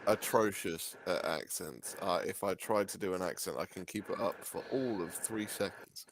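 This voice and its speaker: A man's voice: low voice, moderate pace, noisy background. A man guesting on a casual live chat, playful and jokey, laughing a lot. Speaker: guest on a livestream.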